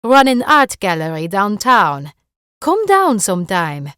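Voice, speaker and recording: A woman's voice: medium pitch, huge pitch swings, unhurried, a bit bright, clean tone, dry recording, studio quality. A woman voicing a friendly, cheerful female neighbor with a French accent. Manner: cheerful and gay.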